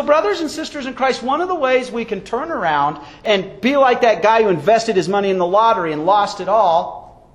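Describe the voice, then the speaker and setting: A pastor delivering a sermon and closing prayer, preaching emphatically with sweeping rises and falls. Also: male voice, high voice.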